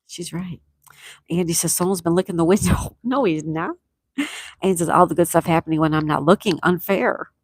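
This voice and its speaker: A woman's voice: lowish voice, no room sound, studio quality. A middle-aged woman hosting a casual livestream, reading viewer comments aloud in an affectionate, chatty way and laughing often. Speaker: livestream host reading chat. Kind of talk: casual live chat.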